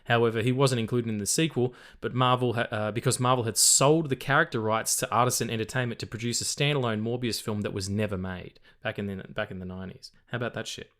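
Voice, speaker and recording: A man's voice: medium pitch, fairly even intonation, quick pace, hardly any pauses, a bit bright. A man hosting a casual film podcast, chatty and swearing freely as he reads out trivia. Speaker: podcast host.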